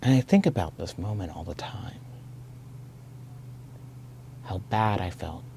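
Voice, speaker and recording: A man telling a personal story in a reflective, soft-spoken and earnest way. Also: low-pitched, expressive, a little slow, creaky, a little hiss or hum. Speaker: video essayist.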